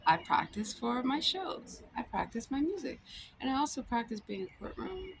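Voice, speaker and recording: A woman's voice: sits high, big pitch swings, moderate pace, creaky. Blunt, foul-mouthed woman ranting, noisy background. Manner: profane and blunt, laughs often. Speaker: law student and comedian. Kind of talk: casual rant to camera. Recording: noisy with vehicle sounds behind.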